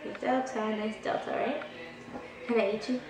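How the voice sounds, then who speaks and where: A woman's voice: fairly high pitch, steady tone, normal speed, over music. A woman filming a casual home vlog, cooing in baby talk to her little daughter and her dogs. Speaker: vlogger and mother. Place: family home, porch then indoors. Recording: noisy home video.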